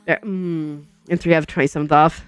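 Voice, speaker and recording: A young woman streaming from home, chatting casually with viewers, bubbly and chatty, full of "like" and quick laughs. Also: low-pitched, steady tone, smooth, no echo. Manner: says "like" a lot. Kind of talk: casual chat with chat readers. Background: soft background music.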